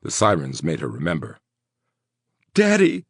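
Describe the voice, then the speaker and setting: A man reading a horror audiobook in a dramatic, expressive narration. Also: rumbling low, normal speed, creaky, husky, no room sound, clean studio sound.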